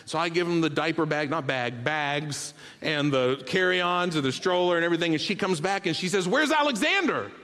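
Animated male preacher in a reverberant hall. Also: a little high, brisk, few pauses, clean tone. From Bahamas. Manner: storytelling, swings from loud animated bursts to hushed earnest tones. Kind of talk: sermon. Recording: long reverb of a large hall.

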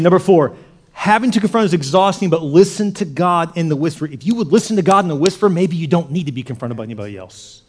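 A male pastor preaching a sermon in an animated way, swinging from loud punches to hushed near-whispers. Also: fairly high pitch, fast talker, a faint crowd.

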